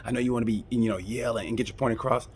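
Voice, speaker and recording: A man's voice: mid-range voice, fairly even intonation, racing, slight background noise. A man hosting a casual, comedic race review, rambling and joking with frequent restarts. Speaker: motorsport review host.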